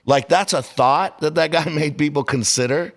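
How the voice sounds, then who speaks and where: A man co-hosting a podcast in casual chat, telling stories animatedly, with his pitch rising and dropping sharply. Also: normal speed. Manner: animated storyteller, swinging pitch. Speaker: podcast co-host.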